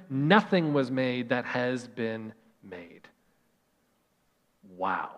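Animated pastor preaching in a reverberant church. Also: male voice, medium pitch. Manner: animated, dramatic slow emphasis on scripture. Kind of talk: sermon. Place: church sanctuary. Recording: long hall reverb.

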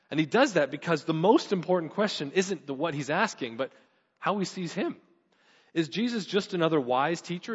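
Male pastor, sermon delivery, earnest, long hall reverb, slightly dull lo-fi sound. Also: fairly high pitch.

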